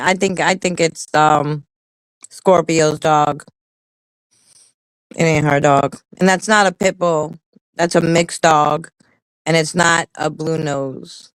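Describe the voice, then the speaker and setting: A woman's voice: sits low, no echo, rough recording. Blunt, foul-mouthed woman on a dry mic. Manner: blunt, profane, heated. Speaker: livestream co-host. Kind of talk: casual chat.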